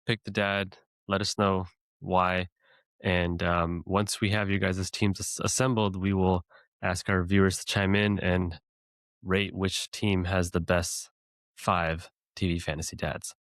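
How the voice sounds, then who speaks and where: A man's voice: low voice, little pitch movement, measured pace, a bit bright, no echo. A man casually laying out the rules as moderator of a podcast draft, in a wry tone.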